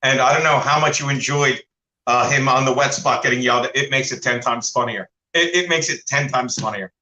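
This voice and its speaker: Man, comedy co-host, rambling storyteller, bright tone, echoey room. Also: mid-range voice, a little fast. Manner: rambling, animated storytelling with impressions. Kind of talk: casual comedy talk.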